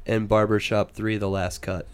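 A man's voice: on the low side, level tone, normal speed. A young man hosting a casual chat, laid-back and joking, with casual swearing. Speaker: podcast host.

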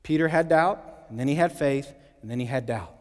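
A man preaching a sermon in a church, lively and acting out the quotes with big swings in pitch and loudness. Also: moderate pace. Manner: animated, acts out quotes with shifting pitch and volume. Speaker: pastor. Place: church sanctuary. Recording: long hall reverb.

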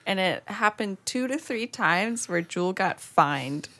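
Casual chat woman, mid-pitched, laughs through her halting stories. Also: expressive, pushed and bright.

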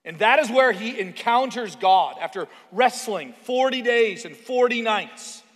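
Pastor, male, higher voice, preaches a chatty sermon with personal asides, long hall reverb. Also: lively intonation, a little slow, fairly bright tone.

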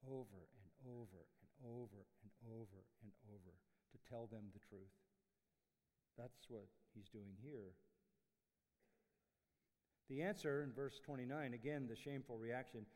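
A man's voice: medium pitch, measured pace, long pauses. Emphatic preaching man in a reverberant chapel. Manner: emphatic preaching, sweeping from loud to hushed. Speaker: pastor. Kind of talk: sermon. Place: university chapel.

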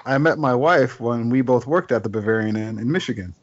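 A man's voice: mid-range voice, fairly quick. A man as a podcast guest in casual chat, telling stories and laughing often. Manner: chatty storyteller, laughs often. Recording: slightly dull lo-fi podcast audio.

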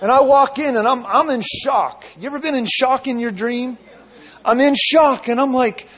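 A man's voice: very high-pitched, moderate pace, fairly bright tone. A man preaching a sermon, telling a dream with many asides and repeated phrases.

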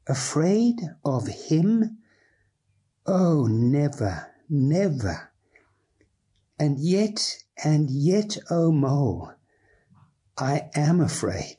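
A man voicing a gentle, awestruck male water rat from a storybook, read in a husky, longing tone. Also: a little high, big pitch swings, takes it slowly, exaggerated voice. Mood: awed. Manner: hushed, longing storybook reading.

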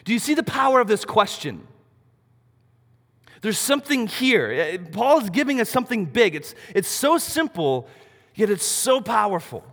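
A man preaching a sermon, animated, asking rhetorical questions and swinging between loud and soft. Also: high voice, moderate pace. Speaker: pastor. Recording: long reverb of a large hall.

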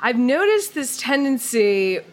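A woman hosting a podcast in casual chat, chatty and quick to laugh, with lots of agreeing fillers. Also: a little high, very animated, a little hiss or hum. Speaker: podcast host.

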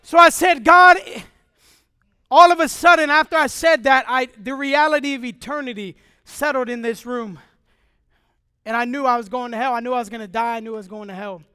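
A young man giving an impassioned sermon testimony, swinging from shouting to hushed. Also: high voice, clean tone, dry recording, studio quality.

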